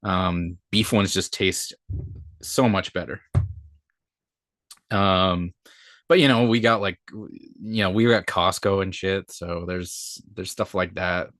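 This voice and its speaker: Deep-voiced hesitant guest. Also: male voice, fairly even intonation, a bit bright, no room sound. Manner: halting, hesitant, rambling. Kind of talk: casual chat.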